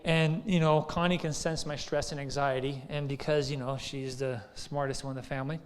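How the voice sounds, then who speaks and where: A man's voice: mid-range voice, fairly even intonation, brisk, smooth. A man preaching a sermon in a conversational, storytelling way, often checking in with the listeners. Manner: conversational, storytelling, frequent "right?". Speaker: pastor. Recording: long hall reverb.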